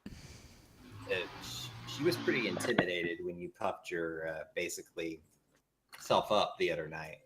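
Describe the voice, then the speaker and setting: A man narrating as game master in a tabletop game, halting and filler-heavy. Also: low-pitched, background noise. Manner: halting, with many fillers and restarts.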